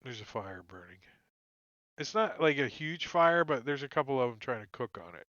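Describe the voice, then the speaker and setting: A man's voice: mid-range voice, big pitch swings, normal speed, a bit bright, no echo, highs cut off. A man narrating a tabletop game as game master, casual and chuckling, with many "like" and "uh" fillers.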